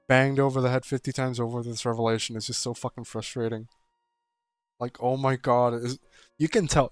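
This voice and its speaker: A man's voice: mid-range voice, no echo. A man streaming a visual novel, reading the text aloud and breaking off into exasperated, profane commentary.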